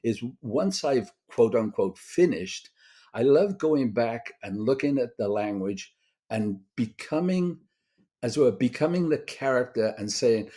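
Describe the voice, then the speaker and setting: A man's voice: medium pitch, lively intonation, unhurried, warm tone, slightly rough. An older man from Britain, a guest screenwriter telling rambling stories in a casual interview, full of fillers and restarts.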